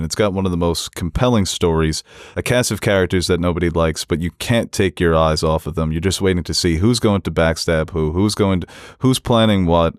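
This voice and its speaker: Man, podcast co-host, casual review chat, dry jokes, deep voice. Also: no room sound. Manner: dry joking, then long steady opinion.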